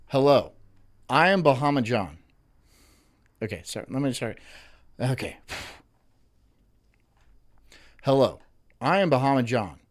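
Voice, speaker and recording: A man's voice: medium pitch, sing-song, slow, pauses often. A man hosting a live stream, reading out viewer messages, stumbling, restarting and cursing in exasperated banter. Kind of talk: casual live-stream chat.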